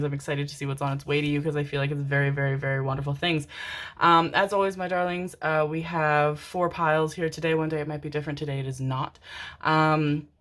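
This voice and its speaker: Low-voiced, gushing young woman tarot reader. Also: a bit bright. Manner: affectionate, calls listeners "my darlings"; gushing, stacks repeated words. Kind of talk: casual tarot reading to camera.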